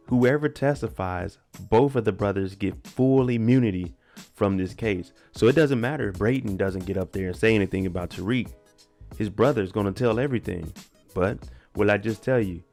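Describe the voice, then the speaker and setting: A man casually recapping a TV episode, animated and acting out characters' lines in raised voices. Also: on the low side. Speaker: TV recap host. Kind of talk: casual show recap commentary.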